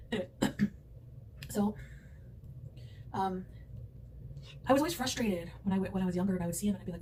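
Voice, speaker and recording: Expressive and fast-talking, this woman has a mid-range voice and leaves long pauses. She's doing a mukbang, eating a large meal at home while rambling casually and laughing often. Sound comes from a distant microphone amid background noise.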